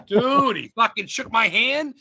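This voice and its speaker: A man hosting a podcast over a video call, chatting casually and excitedly, rambling and swearing a lot. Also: very high-pitched, measured pace, lo-fi sound, slight background noise. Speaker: podcast host. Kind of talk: casual chat.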